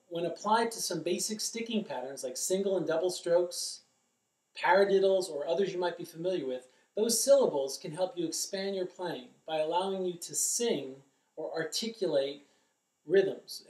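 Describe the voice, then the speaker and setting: A middle-aged man teaches a drum lesson in an indoor studio, explaining carefully and chanting rhythm syllables aloud as he demonstrates. His voice is on the high side and darkish, at a moderate pace. The room is echoey and the mic sits at a distance.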